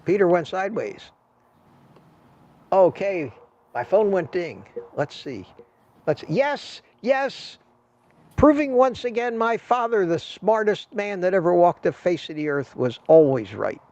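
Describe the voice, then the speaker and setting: A man's voice: high-pitched, lively intonation, measured pace, darkish tone. An older man hosting a casual livestream, talking to viewers in a chatty, rambling way with a salesman's patter. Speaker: livestream host. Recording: dull lo-fi stream audio.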